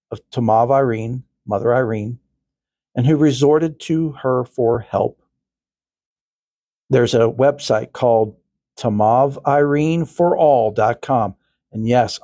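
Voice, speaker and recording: A man's voice: mid-range voice, warm tone, no echo. An older male podcast host reading a story aloud, with earnest, chatty asides.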